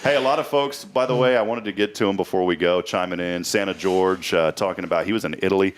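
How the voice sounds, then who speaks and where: A man with a fairly low voice hosts a casual local talk show. He rambles cheerfully through jokey anecdotes and chats easily with his guests. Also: fast. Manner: joking, rambling storyteller. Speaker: host. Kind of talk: casual chat.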